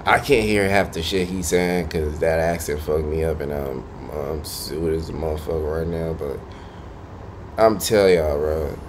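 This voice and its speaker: A man hosting a music reaction, talking in excitable slang and cutting in over the track. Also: rumbling low, normal speed, background noise. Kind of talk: casual reaction commentary.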